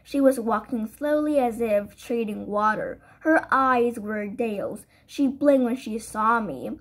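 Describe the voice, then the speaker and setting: A woman reads a first-person children's novel aloud, telling the story earnestly and with expression. Her voice is fairly high, with a husky, breathy texture. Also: expressive, measured pace. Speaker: audiobook narrator.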